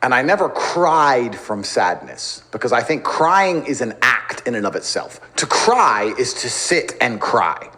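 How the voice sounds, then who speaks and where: A man's voice: mid-range voice, big pitch swings, unhurried, few pauses, sharp tone. A man in his thirties speaking as a podcast guest, brash and emphatic, boasting and laughing often in casual interview talk.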